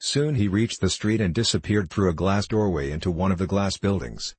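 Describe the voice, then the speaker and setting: Low, husky male storybook narrator. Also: fairly quick, no echo. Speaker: audiobook narrator.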